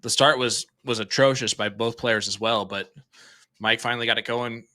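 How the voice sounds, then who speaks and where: A young man doing casual, excitable live darts commentary from a small streaming room, chatty with lots of fillers. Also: medium pitch, normal speed, no echo, clean studio sound.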